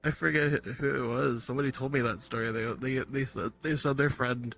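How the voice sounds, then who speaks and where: A man's voice: medium pitch, steady tone, a little fast, creaky, fairly bright tone, soft background music. A man in casual chat on a stream, laughing often and swearing casually.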